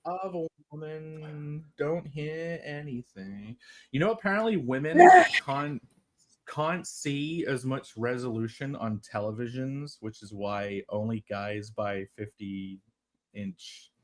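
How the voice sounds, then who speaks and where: A man's voice: medium pitch, lively intonation, slow. A man hosting a casual podcast stream, joking around while fiddling with his mic and sound mixer. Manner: joking, fiddling with audio gear. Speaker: podcast host. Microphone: desk mic through a sound mixer.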